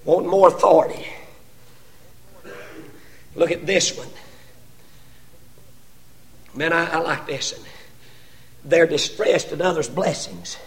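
An older man preaching a sermon, impassioned and often rising to shouts, with stammered repetitions as he builds. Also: fairly high pitch, slow, long pauses.

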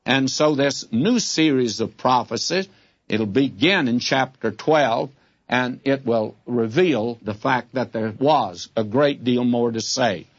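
Preacher, male, husky voice, animated delivery, dull lo-fi old recording. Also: mid-range voice, slow pace. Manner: earnest, folksy direct address to listeners. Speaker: Bible teacher. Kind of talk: radio Bible teaching.

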